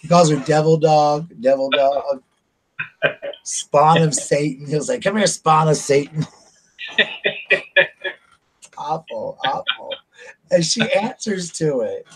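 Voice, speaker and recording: A man's voice: on the high side, slow, pauses often, slight background noise, rough recording. A man, casually telling stories on his vlog and laughing at them. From United States. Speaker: vlogger. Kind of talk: casual storytelling.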